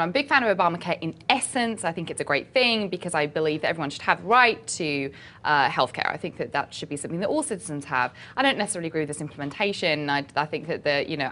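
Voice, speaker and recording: A woman's voice: lowish voice, bright, forceful tone. A woman with a British accent, a regular expert guest on a studio talk show, chatting with a dry, teasing wit. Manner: dry, teasing, wry humor. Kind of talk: playful studio chat. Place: TV studio set.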